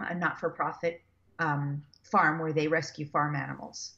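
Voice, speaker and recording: A woman guest talking as an animal communicator, telling stories in a rambling, animated way with many fillers and restarts. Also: deep voice, muffled recording. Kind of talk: casual storytelling interview.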